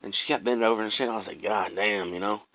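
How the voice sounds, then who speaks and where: A man's voice: lowish voice, very fast, bright, forceful tone, a little hiss or hum, poor audio. A young man telling his own life story in casual chat, rambling and profane with many restarts, earnest and close to emotion.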